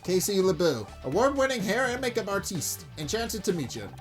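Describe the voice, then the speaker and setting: A man's voice: high-pitched, sing-song, a little fast, soft background music. A man hosting a let's play, reading a game and joking between lines. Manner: jokey and upbeat. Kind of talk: casual game commentary.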